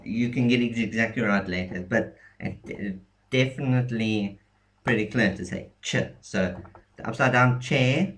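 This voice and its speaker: Male teacher, unhurried and halting, slightly low voice, casual tutorial read. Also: a bit bright. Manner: halting, many ums and restarts. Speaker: language teacher. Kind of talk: casual screen-share lesson.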